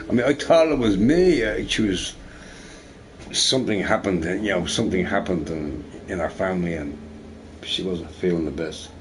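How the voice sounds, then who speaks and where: Guy ranting while gaming, kinda low voice, swears a lot, keeps going "right?". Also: moderate pace, slight background noise. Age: middle-aged. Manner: rambling, profane, tags lines with "right?". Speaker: shop boss and gamer. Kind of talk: casual rant while gaming.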